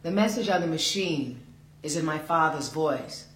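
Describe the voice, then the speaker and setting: A man reading his own literary prose aloud, in a slow, measured and deliberate way. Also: on the high side, lively intonation, a bit bright. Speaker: author reading his work. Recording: roomy recording with faint hum.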